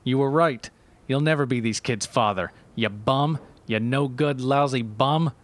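A man voicing a brash, broke single mother who is blunt and sharp-tongued, in a comedy sketch. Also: medium pitch, measured pace, close to an everyday voice. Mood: furious.

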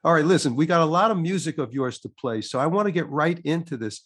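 A man's voice: a little high, animated, quick pace, a bit bright, husky, faint music behind. A man hosting an interview in a chatty, upbeat way. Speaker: radio host. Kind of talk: casual interview chat.

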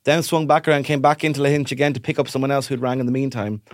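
A podcast co-host with a mid-range voice tells a rapid-fire story in casual conversation, animatedly acting out many voices. The recording is very noisy.

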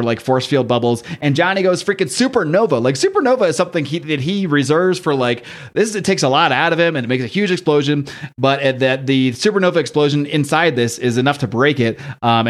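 This is a quick-talking man hosting a casual podcast. He recaps a comic in a chatty, laughing way. His voice sits at a middle pitch. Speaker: podcast host.

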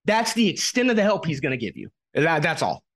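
A man's voice: a little high, wildly swooping pitch, brisk, fairly bright tone. A podcast host, a man, ranting angrily with heavy swearing, upset nearly to tears. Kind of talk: casual chat.

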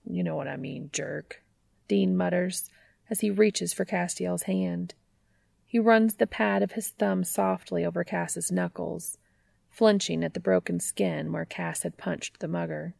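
A woman narrating a fan fiction story in a calm, intimate storytelling manner. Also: fairly low pitch, unhurried, creaky, dry recording, studio quality.

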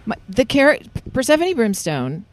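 A voice actor chats as a guest, telling stories with lots of fillers and restarts. The pitch swings widely and stays animated. The recording is dry and close. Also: unhurried, dry recording. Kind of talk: casual interview chat. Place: recording in a parking lot.

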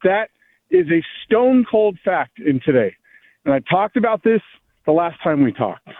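A man's voice: high voice, dry recording. A man calling in to a sports radio show from a phone while walking outdoors, ranting in a worked-up way. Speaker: caller. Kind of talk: call-in rant. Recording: tinny phone line.

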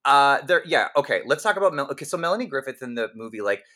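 Bright-voiced chatty podcast co-host. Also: mid-range voice, lively intonation, fast. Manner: chatty, laughing often, full of likes and restarts. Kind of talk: casual chat reviewing a film.

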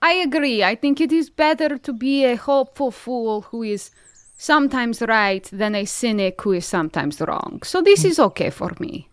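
A woman's voice: on the high side, lively intonation, normal speed, no room sound, clean studio sound. A young woman playing a witch in a tabletop game, speaking in character with earnest theatrical flair. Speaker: player. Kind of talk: in-character role-play.

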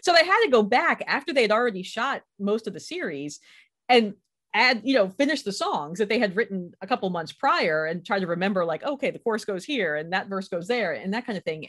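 A woman's voice: medium pitch, lively intonation, a little fast, fairly bright tone. A woman host chatting casually and enthusiastically, with frequent laughs. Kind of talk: casual chat.

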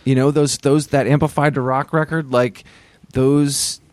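A man hosting a casual interview, chiming in with quick, stammering remarks. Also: mid-range voice, level tone, darkish tone, dry recording. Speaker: podcast host.

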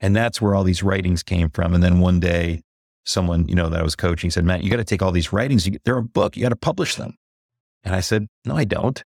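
Low and gravelly, this man is a guest executive coach in a podcast interview, reflective and candid. He slows down to stress points, turns animated when recounting, and shows brief emotion. The recording is clean studio sound without echo.

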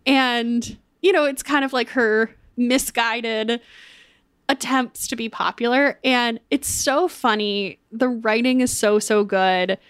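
Chatty young woman, slightly high voice. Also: takes it slowly, smooth, dry recording, studio quality. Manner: chatty, upbeat, frequent "like" fillers. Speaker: podcast co-host. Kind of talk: casual chat with ad read.

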